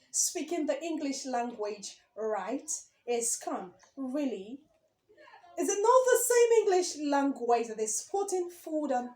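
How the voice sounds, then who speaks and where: Female speech coach, emphatic and questioning, lively swinging pitch. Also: echoey room. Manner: emphatic, repeats key words, rhetorical questions. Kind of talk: direct-to-camera lesson.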